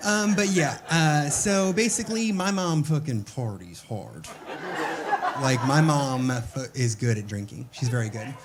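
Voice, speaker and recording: A young man working a comedy club stage, his delivery crude and deadpan with mock exasperation. His mid-pitched voice comes through a handheld mic. A steady wash of noise sits under the live recording. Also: unhurried. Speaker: stand-up comedian. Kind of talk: stand-up comedy set. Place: comedy club stage before a laughing audience.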